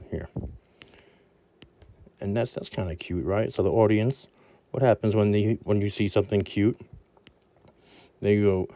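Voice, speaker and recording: Guy teaching mnemonics, low mellow voice, goofy rambly asides. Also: steady tone, normal speed, long pauses, a little hiss or hum. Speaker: anatomy teacher. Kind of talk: mnemonic lesson.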